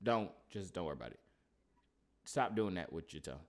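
Host for a chat-app prank show, man, quick lively teasing delivery, slightly higher voice. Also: creaky. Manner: teasing, trash-talking. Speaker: video host. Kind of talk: casual video-chat banter.

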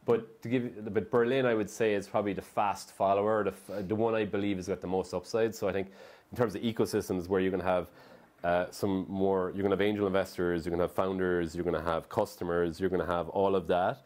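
A man's voice: sits low, level tone, fairly quick, darkish tone. A man, a startup founder speaking in an onstage interview, rambling with many restarts. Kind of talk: conversational interview on stage. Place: live event venue.

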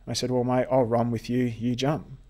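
A man from Australia, a podcast guest telling a personal story in a halting way, often repeating words. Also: mid-range voice, level tone, warm tone.

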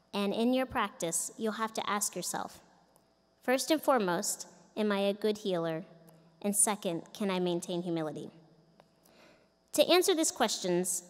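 A middle-aged woman giving a commencement speech, telling a personal story earnestly from a podium microphone in a large indoor arena. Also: mid-range voice. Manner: earnest, storytelling with quoted voices. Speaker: commencement speaker. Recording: echoey arena from a distance.

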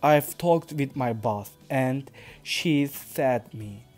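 A man's voice: mid-range voice, very slow, darkish tone, soft background music. A man with a Turkish accent voicing a stern father who lectures his young son firmly in a read-aloud story. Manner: firm, lecturing.

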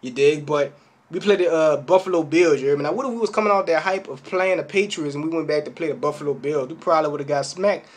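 A man's voice: on the high side, fast. A young man ranting to the camera as a football fan, keeps checking in with his listeners as he talks. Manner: animated, keeps asking "you hear me?". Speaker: sports fan vlogger. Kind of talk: casual fan rant to camera.

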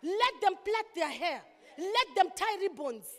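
A woman pastor delivering an impassioned sermon, with sudden loud outbursts. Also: extremely high pitch, big pitch swings, unhurried. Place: church hall. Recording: long hall reverb.

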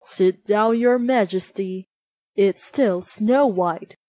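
A woman's voice: medium pitch, takes it slowly, a little mellow, no echo. A woman voicing a chatty, blunt magic mirror in a storybook reading. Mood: dry. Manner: chatty, matter-of-fact.

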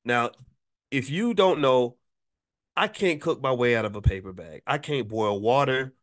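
A middle-aged man hosting his channel, telling a personal story in a casual monologue with animated delivery and frequent stammered restarts. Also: medium pitch, a little slow. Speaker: channel host. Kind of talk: casual spoken monologue with anecdote.

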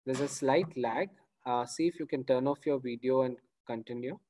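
A male webinar host on a video call speaks to his audience in a mid-pitched voice. The sound is dry and close. He is apologetic and reassuring. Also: moderate pace, warm tone, dry recording, low-quality recording. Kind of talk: hosting a live webinar.

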